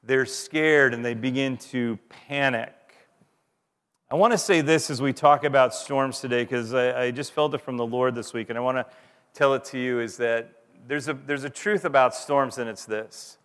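Male pastor, 30s, conversational sermon with wry humor; mid-pitched, recorded in a reverberant sanctuary. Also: fairly even intonation, a bit bright. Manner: conversational, self-deprecating humor, dramatic pauses. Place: church sanctuary. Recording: long reverb of a large hall.

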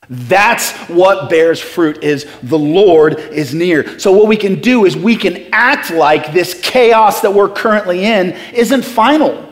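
Animated high-voiced preaching pastor. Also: male voice, long reverb tail. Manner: animated preaching that swings between hushed and shouted; rallies the room to repeat lines back. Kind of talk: sermon. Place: church sanctuary.

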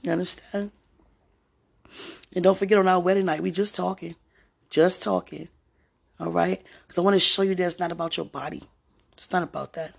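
High, gravelly man speaking tenderly. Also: steady tone, moderate pace, long pauses. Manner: rambling, tender and religious, drops to soft murmurs. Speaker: partner speaking to a loved one. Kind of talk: heartfelt personal monologue.

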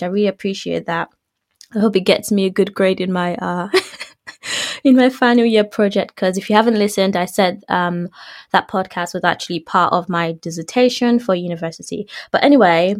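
Chatty young British woman podcaster. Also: lowish voice. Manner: chatty, laughs often, rambling asides. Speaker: podcast host. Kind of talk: casual solo podcast chat.

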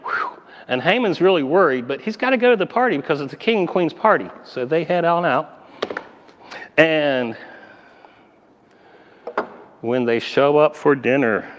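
A man tells a Bible story to children, his voice a touch high and full of life. He slips into little character voices as he goes. The sound trails off in a long, reverberant space. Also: normal speed, long pauses, slight background noise. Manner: animated, lively character voices.

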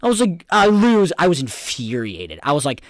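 A man's voice: on the high side, huge pitch swings, moderate pace, no echo, clean studio sound. A young man co-hosting a podcast in casual chat, rambling and swearing, getting worked up as he rants. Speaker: podcast co-host.

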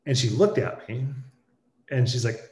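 A man speaking thoughtfully and haltingly, sharing a personal story in conversation. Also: medium pitch, lively intonation, dark tone. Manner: thoughtful, halting, with restarts and pauses. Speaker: guest sharing a personal experience. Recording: roomy echo.

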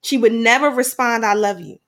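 A middle-aged woman telling a personal story in conversation, animated at times and quiet at heavy moments. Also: a little high. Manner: animated, acts out dialogue in quick bursts. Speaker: guest sharing a personal story.

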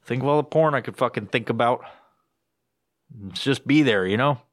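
A young podcast host rants solo into his home mic, worn with headphones, swearing nearly every sentence and doubling back mid-thought at a moderate pace. His voice sits at an ordinary middle pitch for a man but leaps high and excited when he quotes his own frustration. The casual, rambling recording is clean studio sound with no echo.

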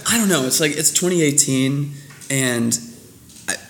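A man chats as a podcast guest in a mid-pitched voice, easygoing and a little self-deprecating. Clear noise hangs in the room around him. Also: expressive, unhurried, a bit bright, echoey room. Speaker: guest, photographer and filmmaker. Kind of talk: casual interview chat.

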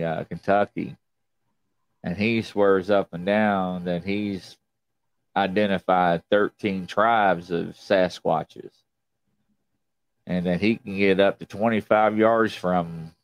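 A man hosts a casual podcast interview and eagerly agrees with his guest. His voice is very low. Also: level tone, slow, clear, resonant tone. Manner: eagerly agreeing, says "absolutely". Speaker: podcast host.

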